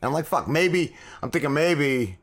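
A male podcast co-host with an expressive voice on the high side speaks a little slowly, rambling through profane, casual stories. He swears a lot and acts out what other people said.

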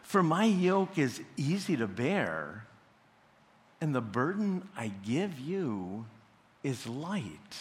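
Slow-preaching man in a reverberant church. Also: medium pitch, big pitch swings. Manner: slow and deliberate, rising to emphatic peaks. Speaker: pastor. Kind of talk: sermon. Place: church sanctuary.

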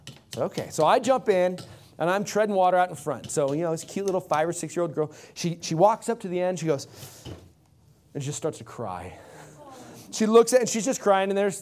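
Man, high-pitched, middle-aged, pastor, conversational sermon. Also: a little mellow. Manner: conversational preaching, acts out quotes.

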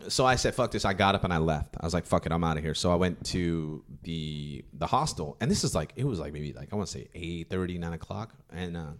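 A man with a fairly low voice spins a rambling road-trip story in loose podcast chat. He swears freely, acts out his own lines, and breaks into laughter as he goes. He grew up in South Sacramento. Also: expressive, brisk, few pauses, a little hiss or hum. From South Sacramento, California. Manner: profane, laughs often, quotes himself. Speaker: podcast guest telling a story.

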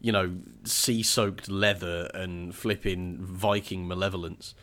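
A man co-hosting a podcast, chatting in a wry, lively way. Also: low-pitched, slow pace. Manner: wry, lively, given to comic put-on voices. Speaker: podcast co-host. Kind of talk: casual chat.

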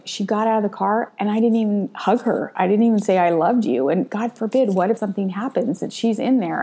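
A woman's voice: fairly low pitch, a little mellow. A middle-aged woman telling a personal story in an earnest, reflective monologue, often restarting her sentences. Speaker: storyteller recounting a personal experience.

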